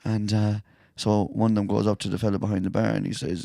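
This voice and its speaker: A man's voice: on the low side, flat delivery, fast, vocal fry, warm tone, no room sound, studio quality. A man co-hosting a podcast in casual chat, bantering and telling jokes. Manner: joking, banter, tells jokes. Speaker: podcast co-host.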